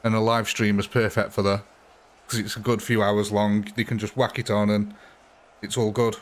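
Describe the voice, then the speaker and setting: A man's voice: on the low side, little pitch movement, moderate pace. A man live-streaming a battle game, chatting casually with his viewers, thanking them by name and laughing often while he talks.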